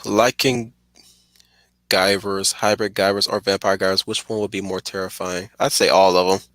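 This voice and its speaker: Male streamer, excitable and digressive, bright tone, dry close sound. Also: sits low, moderate pace, dry recording. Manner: excitable, digressive, laughs often. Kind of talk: casual rambling commentary.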